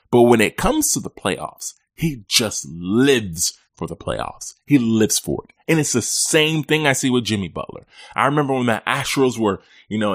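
A man talks sports solo for a podcast, and his pitch rises and falls a great deal as he goes. He talks in a relaxed, conversational way and keeps slipping into quick playful impressions. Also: breathy edge.

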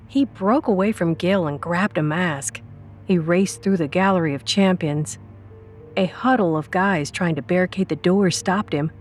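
A woman tells a scripted story in a slow, measured narrator's voice, pitched on the low side. She paces each sentence with care. A soft music bed runs faintly beneath her.

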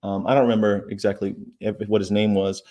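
A man's voice: fairly low pitch, level tone, brisk, mellow. A man hosting a casual daily chat, rambling through the day's history with fillers and asides. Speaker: vegan channel host.

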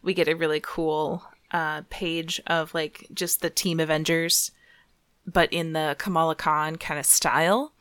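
A young woman chats casually as a podcast host, her voice sitting a little low. She rambles loosely with plenty of fillers and frequent giggles. The sound is close and dry, with no room around it. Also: flat delivery, measured pace, fairly bright tone, clean tone, no echo. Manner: chatty, giggly, many fillers. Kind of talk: casual chat.

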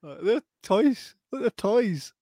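A man's voice: high-pitched, sing-song, takes it slowly, warm tone, no echo, studio quality. A man who laughs constantly while chatting about a film. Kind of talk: casual reaction chat.

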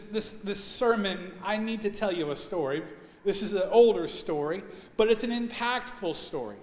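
Brief: man, pastor, very high voice, animated storyteller, church hall reverb. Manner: animated storytelling, rising to loud emphasis. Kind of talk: sermon. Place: church sanctuary.

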